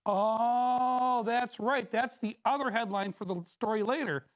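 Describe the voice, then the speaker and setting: A bumbling TV news anchor keeps repeating himself and tripping over words, as a woman plays the part in an improv scene. The voice is fairly high. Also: a little slow, lightly acted.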